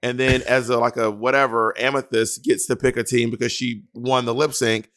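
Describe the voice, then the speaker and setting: A man co-hosting a casual comedic recap chat, talking fast and profanely and slipping into sassy quoted voices. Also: mid-range voice, little pitch movement, a bit bright. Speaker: podcast co-host; touring comedian.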